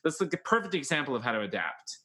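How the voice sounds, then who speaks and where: A man's voice: mid-range voice, very animated, bright, forceful tone, husky. A man co-hosting a podcast, chatting casually and giving strong opinions in long run-on stretches. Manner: opinionated, talks in long rapid run-ons. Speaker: podcast co-host. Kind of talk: casual chat about films and plays.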